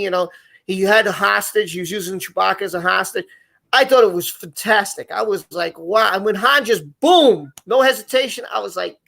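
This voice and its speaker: A man's voice: high-pitched, sharp tone. A man hosting a live online show, talking casually and rambling with many restarts and repeated words. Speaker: podcast host.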